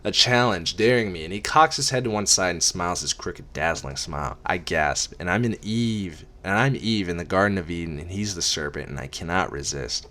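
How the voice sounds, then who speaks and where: A man's voice: sits low, normal speed, hardly any pauses, bright, forceful tone. A man reading a first-person story aloud as an amateur audiobook, plainly, with occasional stumbles and restarts. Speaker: reader.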